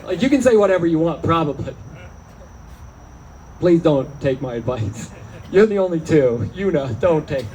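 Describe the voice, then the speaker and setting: A man performing a stand-up comedy set, deadpan and self-mocking, slipping into quoted voices. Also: on the high side, normal speed, long pauses, a little hiss or hum, low-quality recording. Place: small venue, live audience.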